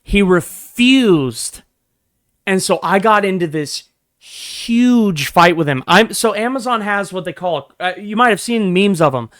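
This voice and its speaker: A young man telling a workplace story in a casual, profane, animated rant, swinging between low mutters and loud bursts. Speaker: vlogger.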